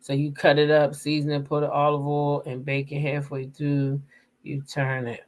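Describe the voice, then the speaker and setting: A woman's voice: low-pitched, unhurried, fairly bright tone. A middle-aged woman hosting a casual livestream, chatting with viewers in a candid, laughing way and swearing freely. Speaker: livestream host.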